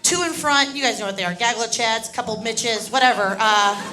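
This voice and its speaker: A woman performing a stand-up comedy set on a club stage, telling stories in an animated way and acting out the people in them. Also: fairly high pitch, a little fast. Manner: animated storytelling, acting out drunk voices.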